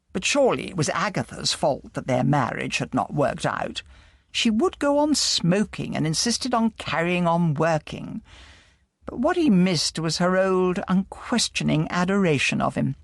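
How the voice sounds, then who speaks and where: A narrator reading an audiobook in a lively, expressive way, with a gravelly voice. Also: mid-range voice, normal speed, dry recording, clean studio sound.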